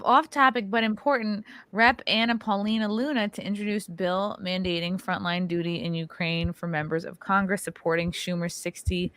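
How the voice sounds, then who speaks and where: A woman's voice: medium pitch, no echo. A woman in her thirties hosting a podcast, reading viewer comments aloud and telling stories with a playful, laughing manner. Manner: playful, laughing, animated storytelling. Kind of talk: casual chat.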